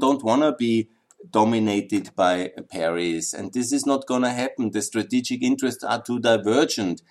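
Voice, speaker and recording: A man's voice: mid-range voice, a little mellow. Emphatic man. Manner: emphatic, repeats points for weight. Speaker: political commentator. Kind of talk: opinion monologue.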